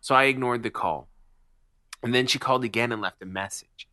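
A man's voice: mid-range voice, brisk, bright, forceful tone, no echo, clean studio sound. A man in his thirties co-hosting a podcast, telling stories in casual chat, swearing freely and acting out voices. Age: 30s. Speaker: podcast co-host.

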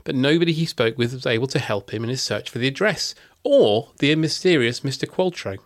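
A man hosting a podcast, telling a true story in casual chat with wry, deadpan asides. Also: medium pitch, fairly quick.

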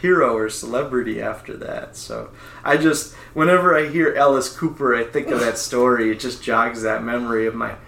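A man's voice: mid-range voice, normal speed, vocal fry, fairly bright tone. A middle-aged man casually telling a rambling anecdote, with frequent restarts. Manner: rambling, many restarts and laughs. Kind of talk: casual storytelling. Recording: roomy echo.

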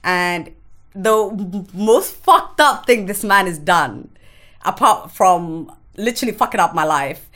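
A woman's voice: mid-range voice, expressive, fairly bright tone. A woman guest on a podcast telling her own story in a frank, emotional way, swearing freely and often stopping to restart her sentences. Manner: halting, with restarts. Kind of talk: candid personal storytelling.

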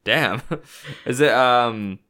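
A man's voice: medium pitch, extremely slow, pushed and bright, smooth. A man co-hosting a casual comedy podcast, rambling and cracking crude jokes. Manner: joking, crude, rambling asides. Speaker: podcast co-host.

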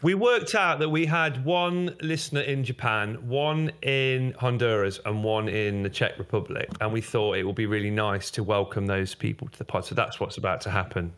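A man's voice: fairly low pitch, normal speed, hardly any pauses, fairly bright tone. A man hosting a comedy podcast, talking in a playful, teasing way. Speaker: podcast host. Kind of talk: casual comedic chat.

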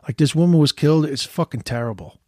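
A man's voice: on the high side, animated, quick pace, mellow, no echo, clean studio sound. A man giving heated, profane political commentary in a casual rant, often stumbling and repeating words.

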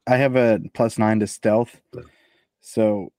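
A man's voice: fairly low pitch, steady tone, slow pace, dark tone, no room sound. A man playing a tabletop game, hesitant and thinking aloud as he plans. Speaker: player. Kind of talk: casual tabletop game chat.

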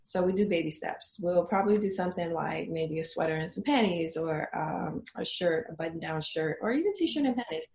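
A woman who works as a boudoir photographer, telling stories in a casual interview and acting out her clients in a higher voice. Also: a little fast, vocal fry, few pauses, reverberant, a little hiss or hum. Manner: lively, acts out her clients in a high voice.

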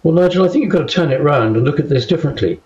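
A man's voice: a little high, animated, very fast, a little mellow, dull audio. An older man, a guest in a studio interview, speaking firmly and measuredly and stressing key words. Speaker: guest commentator.

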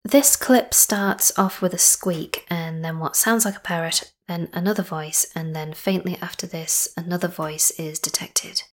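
A woman hosting a podcast, chatty and enthusiastic, sometimes dropping to a soft whisper. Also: lowish voice, fairly even intonation, unhurried, hardly any pauses. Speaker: podcast host. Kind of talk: casual podcast narration.

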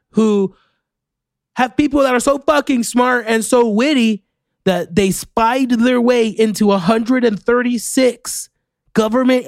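A man from Florida hosts a solo podcast in a high-pitched, excitable voice, swearing freely as he riffs on the news. The recording is dry and close, with no room sound. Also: no echo. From Orlando, Florida, USA. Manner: excitable, profane ranting. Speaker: podcast host. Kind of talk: casual solo podcast commentary.

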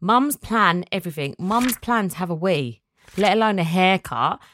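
Chatty mum hosting a podcast. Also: female voice, on the low side, moderate pace, slight background noise. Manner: chatty, animated, laughs often. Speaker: podcast host. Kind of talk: casual chat, reading listener messages.

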